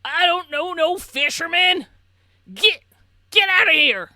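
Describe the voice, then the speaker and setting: A grouchy, half-deaf old man in a tabletop game yells far too loudly and snaps at everyone who bothers him, as a woman game master puts him on. His voice jumps high and strained with anger, bright and piercing. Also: expressive, slow, dry recording, studio quality, heavily acted. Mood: angry. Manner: shouting, gruff and irritable.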